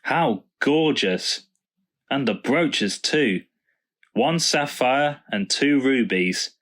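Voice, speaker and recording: A man reading a slow, admiring mother. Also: mid-range voice, expressive, fairly bright tone, pitched above the performer's own voice, full character voice. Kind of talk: storybook reading.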